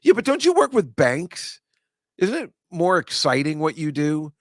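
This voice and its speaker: A man's voice: a little high, huge pitch swings, a little slow, no room sound. A talkative man hosts a loose comedy chat show. He rambles and starts sentences over, and he keeps laughing partway through them. The sound is dry and close to the mic. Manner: rambling, chatty, self-interrupting with laughs. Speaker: comedian host. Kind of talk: casual chat.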